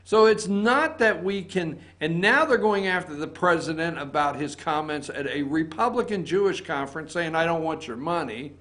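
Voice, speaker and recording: A man's voice: on the high side, normal speed, few pauses, a bit bright. A man hosting a political opinion show, talking in an indignant, emphatic way and hammering his points again and again. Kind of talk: opinion commentary.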